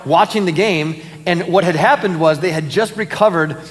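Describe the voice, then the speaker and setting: At a normal speed and a high pitch, a man speaks in a church auditorium where his words leave a long reverb tail. He's a pastor making easygoing announcements and telling stories in the service, lively and full of fillers and laughter.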